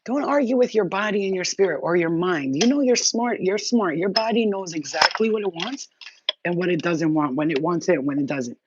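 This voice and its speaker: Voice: mid-range voice, fairly quick, muffled recording, noisy background. A tarot card reader giving casual spiritual advice straight to viewers, blunt and sprinkled with swearing. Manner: blunt, profane and emphatic; chatty, addresses viewers directly.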